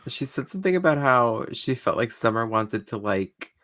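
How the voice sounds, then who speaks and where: Casting: dry, relaxed woman co-host, very low voice with lively pitch. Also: moderate pace. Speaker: podcast co-host. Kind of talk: casual reality-show recap chat.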